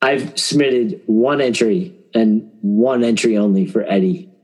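A man co-hosting a casual podcast chat from home, with dry, unhurried remarks. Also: lowish voice, darkish tone, breathy edge. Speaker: podcast co-host.

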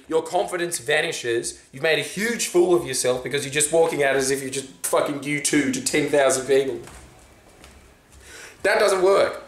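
A man's voice: fairly high pitch, normal speed, roomy sound. A young man, a stand-up comedian, talking in a brash, swearing, casual monologue. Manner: brash, swearing, acts out quoted voices. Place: room with green backdrop.

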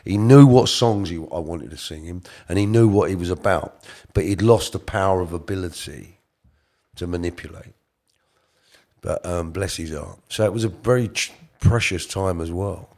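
A middle-aged man tells a personal story in a colloquial, earnest way, moving between soft asides and emphatic bursts. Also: low voice, moderate pace.

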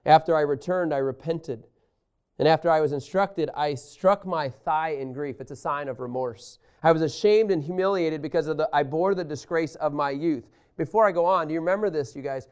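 This Bible teacher's fairly high, smooth voice moves at a fairly quick pace. He reads scripture aloud and unpacks it with emphatic, animated energy, speaking right to those listening.

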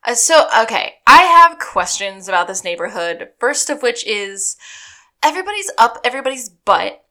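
Bright, lively woman recapping a show. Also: on the high side, moderate pace. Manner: animated retelling with quoted voices. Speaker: podcast co-host. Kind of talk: casual recap chat.

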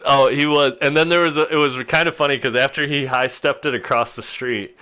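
A man spins a story to his friends in an animated, chatty way, often breaking into laughter. His voice is bright and ringing, at an average pitch for a man. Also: fairly quick, clean tone. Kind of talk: casual storytelling chat.

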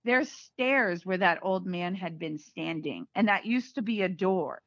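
A woman, a guest on a podcast, telling a story in a casual, lively way and acting out the voices of others. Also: lowish voice, a little slow, no echo. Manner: lively, acts out quoted voices. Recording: dull, dry podcast audio.

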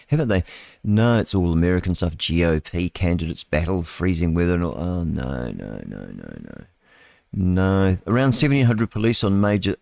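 A man's voice: lowish voice, a little mellow, no echo, studio quality. A man with a New Zealand accent hosting live radio news, reading headlines in a chatty, rambling way with asides and tag questions to listeners.

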